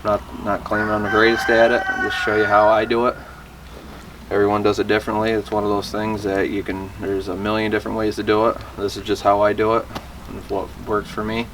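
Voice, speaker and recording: A man's voice: lowish voice, monotone, fairly quick, fairly bright tone, slight background noise. A man casually explaining a hunting call outdoors, plainspoken and self-deprecating. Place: outdoors in bright sun.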